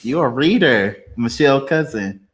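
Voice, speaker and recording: A man hosting a casual livestream chat, reading viewer comments aloud, laid-back and quick to laugh, a little tipsy after a few beers. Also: medium pitch, expressive. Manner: laid-back, laughs often, drawn-out fillers. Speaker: livestream host.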